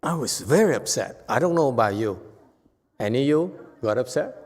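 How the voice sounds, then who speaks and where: Male Buddhist teacher, animated dharma talk, long temple-hall reverb. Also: mid-range voice, normal speed. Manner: animated, emphatic, voices dramatic quotes. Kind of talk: dharma lecture.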